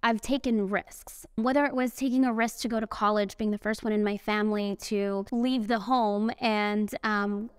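A woman's voice: mid-range voice, steady tone, moderate pace, hardly any pauses, smooth, no room sound, clean studio sound. A young woman speaking on a panel at an event, chatting casually with lots of fillers and asides. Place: event venue indoors.

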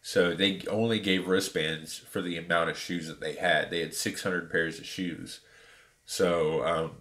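A man casually retelling a story about buying sneakers, animated and full of fillers. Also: low-pitched, a little slow. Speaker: sneaker reviewer.

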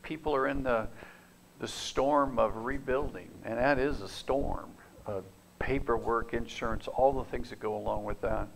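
A male pastor telling a story in a sermon, lively in the telling and sinking to a soft, hushed tone when he prays. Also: mid-range voice, measured pace, a little hiss or hum. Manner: animated storytelling that drops to soft, hushed prayer.

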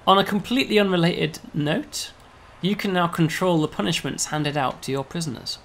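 Man, game developer, casual demo walkthrough, gravelly, faint background hiss. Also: high voice, moderate pace, fairly bright tone. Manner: explanatory, with frequent "um" and "right?".

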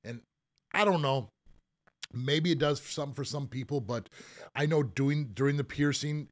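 A man's voice: medium pitch, normal speed. A man hosting a podcast as a piercer, talking in an easygoing, rambling way with fillers and restarts, and he has the hiccups. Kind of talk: casual podcast chat.

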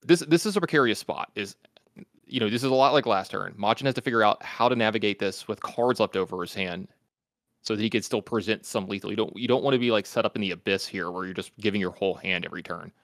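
An American man in his thirties breaks down a card game match at a rapid clip. His voice sits a bit low, with a dry, close sound and lots of filler words. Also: no echo. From United States. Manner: analytical, talks fast with many fillers. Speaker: commentator.

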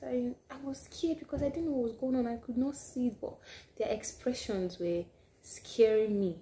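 Animated woman vlogger. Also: mid-range voice, moderate pace, slight background noise. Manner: animated, drops to hushed asides. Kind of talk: casual storytelling to camera.

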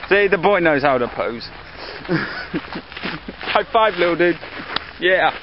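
A young man joking and laughing through a casual handheld vlog outdoors. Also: sits high. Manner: playful, jokey, laughs a lot. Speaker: vlogger. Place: outdoors in a park. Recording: dull lo-fi camcorder audio, loud hiss.

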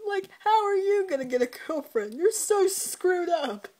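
A woman's voice: extremely high pitch, lively intonation, unhurried, darkish tone, voice pushed up. A young woman voicing a mocking father who scoffs and laughs at his son in a cartoon recap. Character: mocking teasing father, grown man.

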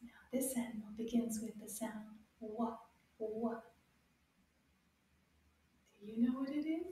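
A woman teaching children French words, encouraging them and repeating each word slowly with sound clues. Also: on the high side, dark tone, recorded from a distance. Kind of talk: slow, drawn-out teaching for kids. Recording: very echoey room, a bit off-mic.

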